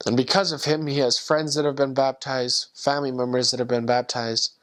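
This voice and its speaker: A man, a former missionary, telling a personal faith story in an earnest, heartfelt, halting way. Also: medium pitch, level tone, fairly bright tone.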